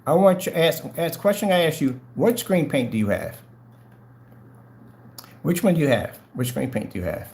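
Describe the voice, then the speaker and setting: A man on a livestream rant, taunting and confrontational, hammering viewers with the same questions again and again. His pitch jumps around a lot, swinging from low mutters to high, pointed jabs. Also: expressive, normal speed, vocal fry, pauses often, darkish tone, slight background noise. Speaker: channel host.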